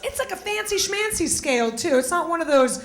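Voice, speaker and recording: A woman's voice: extremely high pitch, expressive, fairly quick. A woman doing a stand-up comedy set on a club stage, bubbly and exclamatory, with mock outbursts. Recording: roomy club stage sound.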